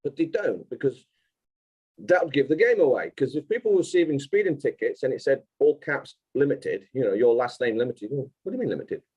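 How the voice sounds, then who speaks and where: A man's voice: mid-range voice, big pitch swings, fairly quick, mellow, breathy edge, rough recording. A man speaking as an interview guest, explaining insistently and step by step.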